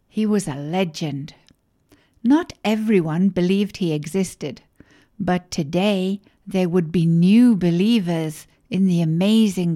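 Slow, mellow woman storyteller. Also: mid-range voice. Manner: gentle, clear, deliberate reading. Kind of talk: children's story narration.

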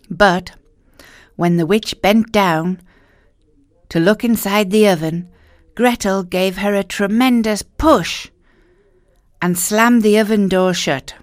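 Woman reading a fairy tale aloud, unhurried and expressive, dry close sound. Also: medium pitch, no room sound. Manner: slow, expressive, emphatic storytelling. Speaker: storyteller. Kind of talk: children's story narration.

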